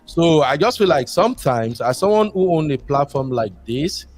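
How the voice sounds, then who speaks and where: A man's voice: on the high side, expressive, moderate pace, darkish tone, faint music behind. A man from Nigeria with a Nigerian accent, calling in to a show and talking casually at length, slipping pidgin into his English. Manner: rambling, mixes pidgin into English. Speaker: caller. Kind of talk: casual call-in talk.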